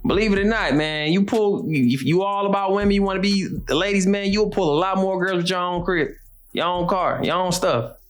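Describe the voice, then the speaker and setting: Faint music sits behind this young show host as he gives a slang-heavy, blunt and repetitive motivational talk. His voice is high and his delivery a little fast.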